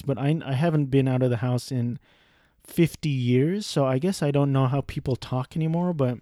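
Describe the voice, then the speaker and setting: A man's voice: mid-range voice, moderate pace, dark tone, dry recording, studio quality. A man talking casually and rambling through a movie review, swearing and poking fun at himself. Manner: rambling, profane, self-deprecating.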